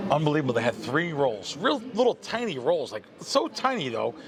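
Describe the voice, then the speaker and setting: A man's voice: fairly high pitch, quick pace, vocal fry, few pauses, a crowd in the background. A man telling a long story in casual chat on a podcast, acting out the voices of the people in it. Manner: animated storyteller, acts out quoted voices. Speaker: podcast host, pro sports bettor.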